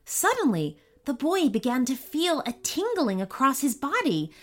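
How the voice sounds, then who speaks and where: A woman reading a children's story aloud with expressive, animated narration. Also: high voice, moderate pace.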